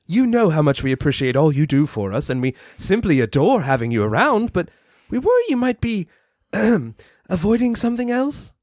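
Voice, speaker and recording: A podcast host voicing an elegant, fussy female pony fashion designer from a cartoon, in a posh, drawn-out, theatrical manner. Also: medium pitch, very animated, darkish tone, no echo, studio quality, natural voice. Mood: posh fussing. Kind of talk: reading cartoon dialogue aloud.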